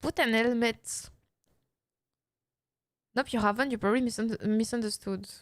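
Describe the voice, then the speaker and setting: A young woman streamer, reading game lines aloud and reacting excitedly while thanking her chat. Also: fairly high pitch, moderate pace, no echo.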